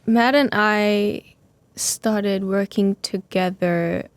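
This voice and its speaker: A young woman speaking as an interview guest, soft-spoken and halting, searching for her words. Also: mid-range voice, fairly even intonation, dry recording. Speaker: musician guest. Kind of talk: casual interview chat.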